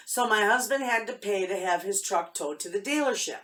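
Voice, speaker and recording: A woman's voice: mid-range voice, fairly quick, few pauses, fairly bright tone, far from the mic. Heartfelt rambling woman, a bit off-mic. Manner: heartfelt, rambling storyteller with many restarts. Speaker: homestead vlogger. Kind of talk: casual chat to camera.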